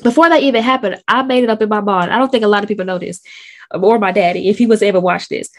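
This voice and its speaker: A woman in her thirties, medium-pitched and racing along, hosts and tells a personal story. She's candid and conversational, dropping casual slang, and she's feeling sick as she talks.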